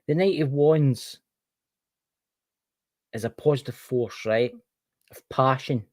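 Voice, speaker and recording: A man's voice: medium pitch, slow, darkish tone, no room sound. A man with a Scottish accent giving a casual tarot card reading on a livestream, chatting to a viewer by name as he turns each card.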